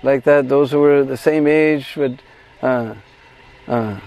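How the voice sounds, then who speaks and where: A man guiding a pilgrimage, telling a devotional story in an animated way and acting out the quoted voices. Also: mid-range voice, slow, vocal fry. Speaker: pilgrimage guide and devotional speaker. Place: at a shrine on pilgrimage.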